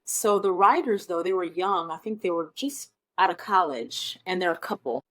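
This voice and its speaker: In casual interview chat, a Broadway performer from Omaha, Nebraska, tells stories with enthusiasm and frequent ums. Her fairly low voice has a fairly bright tone and moves at normal speed.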